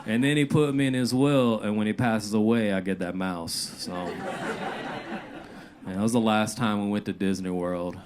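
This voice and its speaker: Deadpan man on a club stage. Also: fairly low pitch, moderate pace. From Louisiana. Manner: deadpan, loose and rambling, with filler "uh"s and "like"s. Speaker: stand-up comedian. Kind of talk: stand-up set. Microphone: handheld stage mic. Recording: noisy live club recording.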